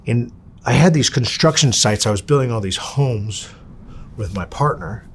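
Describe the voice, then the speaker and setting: A man telling his story in a candid interview, profane and animated, acting out the people he quotes. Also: mid-range voice, normal speed, a little hiss or hum.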